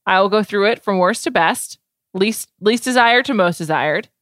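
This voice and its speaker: A woman co-hosting a podcast in casual chat, talking in an animated way and saying "like" often. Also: medium pitch, normal speed, no room sound. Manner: chatty, animated, says "like" often. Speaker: podcast co-host.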